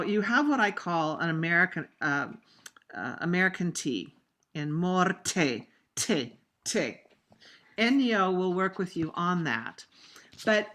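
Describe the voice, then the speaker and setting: A woman coaching opera singers over a video call, her voice bright and clear, her delivery unhurried and deliberate. She stays chatty and encouraging, then now and then belts out a demonstration word. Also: mid-range voice. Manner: demonstrative, acts out diction examples with sudden loud bursts; conversational, warm coaching with fillers. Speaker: opera coach leading a master class. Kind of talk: virtual master class teaching.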